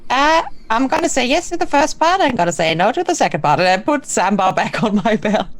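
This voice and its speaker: A woman playing a tabletop game, chatty and lively, describing what her character does. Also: fairly high pitch, brisk. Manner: lively, chatty, narrates her own actions. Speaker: player.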